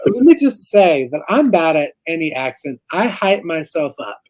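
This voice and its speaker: A woman's voice: low-pitched, very animated, moderate pace, darkish tone, low-quality recording. A young woman co-hosting a casual live chat, a chatty and self-mocking storyteller. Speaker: co-host of a ranch livestream.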